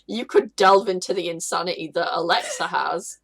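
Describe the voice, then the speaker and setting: A woman co-hosting a podcast, ranting excitably and swearing a lot. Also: fairly low pitch, moderate pace, vocal fry, breathy edge. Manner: excitable, sweary, acts out voices in rants. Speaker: podcast co-host. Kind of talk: casual podcast chat.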